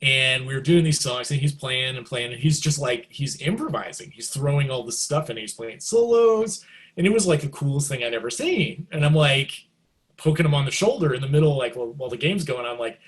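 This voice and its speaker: Chatty middle-aged musician telling stories. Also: male voice, medium pitch, brisk. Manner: animated, jumps into excited quoted reactions; loose and chatty, many likes and you knows. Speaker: guest musician. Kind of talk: casual storytelling in an interview.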